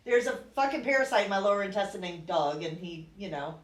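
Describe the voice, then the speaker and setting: A woman's voice: mid-range voice, lively intonation, quick pace. A woman co-hosting a podcast in casual chat, laughing often and swearing casually as she jokes. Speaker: podcast co-host. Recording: roomy, distant mic.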